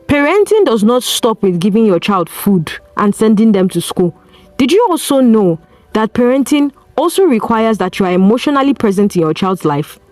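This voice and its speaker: A woman's voice: fairly high pitch, darkish tone, no room sound. A woman with a Nigerian accent hosting an advice podcast, speaking earnestly and piling up rhetorical questions. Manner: earnest, preachy, asks strings of rhetorical questions. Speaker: podcast host. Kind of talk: solo advice talk.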